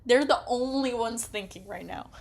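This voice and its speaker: A young woman reading an interactive story game aloud and reacting to it excitably, often yelling and laughing. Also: on the high side, moderate pace, gravelly. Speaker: game streamer.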